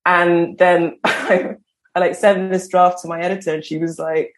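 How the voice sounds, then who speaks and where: A woman's voice: on the low side, level tone, normal speed. A woman in her twenties with an English accent, a journalist guest chatting casually on a podcast, laughing often and filling with "like". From England.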